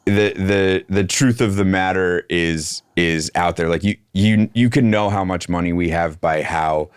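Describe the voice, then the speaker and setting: A man's voice: low voice, steady tone, a little slow, clean tone, no room sound. A man co-hosting a podcast, trading dry, self-deprecating jokes in casual banter. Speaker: podcast co-host.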